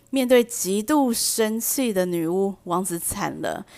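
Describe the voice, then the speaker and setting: A woman teaching vocabulary through a storybook, reading each line slowly and then translating and explaining it. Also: medium pitch, animated, creaky, darkish tone. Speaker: English teacher. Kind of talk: bilingual storybook lesson.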